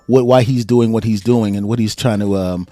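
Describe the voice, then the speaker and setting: A man's voice: fairly low pitch, steady tone, moderate pace, dark tone, no room sound, faint music behind. A man hosting a casual podcast interview, laughing often and rambling with frequent ums. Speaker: podcast host.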